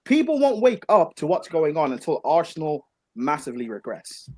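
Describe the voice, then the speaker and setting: A man's voice: fairly high pitch, very animated, normal speed, a little mellow. A man in a casual football debate, insistently explaining his point. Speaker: football podcast co-host.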